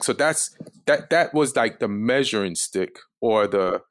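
A man with a low voice tells a story casually. His delivery is calm and mostly monotone, and the sound is dry and close. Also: unhurried, no echo. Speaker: comedian guest.

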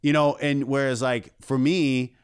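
Earnest rambling man with a smooth voice. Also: mid-range voice, flat delivery, no room sound, studio quality. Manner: rambling, earnest, halting with restarts. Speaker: comedian guest. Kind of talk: casual podcast chat.

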